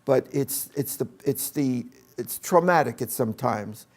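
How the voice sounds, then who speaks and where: An older man with a gravelly, creaky voice tells a personal story from his schooldays. He speaks like an educator at a mid pitch, in a loose, anecdotal style. He often stops to act out the people in the story. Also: unhurried. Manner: anecdotal, with acted-out quotes.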